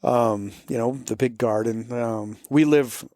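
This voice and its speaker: American man, faint boston accent, rambling, lots of fillers, mid pitch, dry sound. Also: unhurried, warm tone, dry recording. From Florida, US. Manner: rambling, many fillers and restarts. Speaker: musician guest. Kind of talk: casual interview chat.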